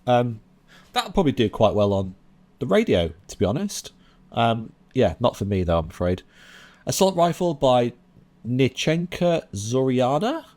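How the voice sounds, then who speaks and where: A man hosting a show reviewing new drum and bass tracks, talking casually and bluntly with lots of fillers. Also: sing-song, a little slow, a little mellow. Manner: chatty and blunt, with frequent fillers and laughs. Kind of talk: casual commentary. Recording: music playing under the voice.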